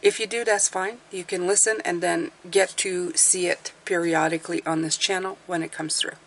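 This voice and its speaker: A woman's voice: lowish voice, steady tone, moderate pace. A woman tarot reader hosting her channel, talking in a casual, rambling, chatty way. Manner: rambling, talkative, self-deprecating.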